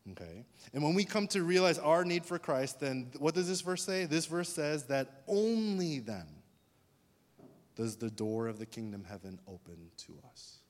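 Man, pastor, conversational sermon, asks the room questions, long hall reverb. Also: mid-range voice.

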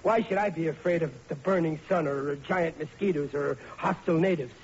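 Brooklyn-accented bumbling dad, high-pitched bluster, a man acting it, muffled 1940s radio sitcom. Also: brisk, lightly acted. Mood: reluctant. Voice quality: ungrammatical, fretful bluster. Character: blundering, blustering working-class family man. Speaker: sitcom lead. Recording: muffled old radio broadcast with hiss.

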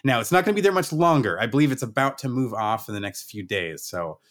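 A man co-hosting a casual podcast, reviewing a movie in a relaxed, enthusiastic way. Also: medium pitch, fast. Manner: relaxed, enthusiastic, occasional swearing. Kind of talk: casual chat.

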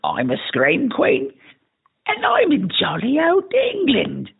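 A man's voice: very high-pitched, wildly swooping pitch, takes it slowly, vocal fry, slightly rough. A drunk man leaving a rambling voicemail, putting on a campy, exaggerated mock British accent. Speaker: podcast host leaving himself a voicemail. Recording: tinny phone voicemail.

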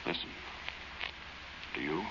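A man's voice: takes it slowly, pushed and bright. A man narrating as a young man recalling an eerie night adventure, plain-spoken storytelling in 1940s radio acting style. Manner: plain-spoken storytelling, drops to tense murmurs. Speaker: narrator and lead character. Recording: dull old radio recording with faint hiss.

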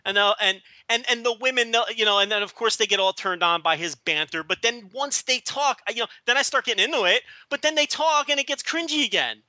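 A man with a high, very bright voice co-hosts a podcast in loose, casual banter. He rambles and trips over his words, with mocking asides. The recording is dry and close. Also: fast talker, hardly any pauses, dry recording. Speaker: podcast co-host.

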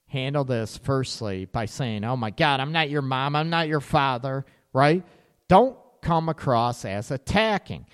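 A man hosting a relationship advice radio show, blunt and animated, with sarcastic asides and casual swearing. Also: medium pitch, clean tone, long reverb tail.

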